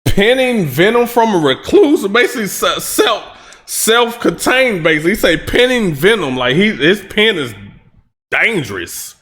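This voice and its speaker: A man reacting to a rap track, breaking down the lyrics line by line in a casual, excitable way with hype shouts. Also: high voice, moderate pace, faint music behind. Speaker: music reaction host.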